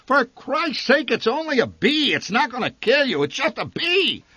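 A man voicing a gruff, hot-tempered middle-aged father who bellows and scoffs. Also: medium pitch, sing-song, moderate pace, sharp tone, no echo, exaggerated voice. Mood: bellowing. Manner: bellowing, scornful, cursing.

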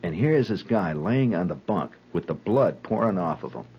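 Male storyteller, husky, lively range, dramatic, conversational. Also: sits low, moderate pace, rough recording. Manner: dramatic, vivid, conversational retelling. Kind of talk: spoken storytelling monologue.

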